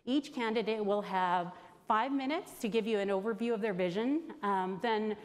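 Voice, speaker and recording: A woman in her thirties hosting a conference, telling a personal story to the audience in an anecdotal way with pauses. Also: mid-range voice. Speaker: conference host introducing candidates. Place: large conference hall. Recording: long hall reverb.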